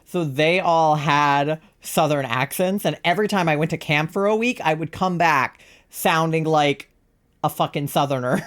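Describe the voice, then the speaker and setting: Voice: mid-range voice, normal speed, fairly bright tone. Young streamer, rambling and profane. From Virginia, US. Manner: rambling, profane, laughs often. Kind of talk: casual live-stream chat while gaming.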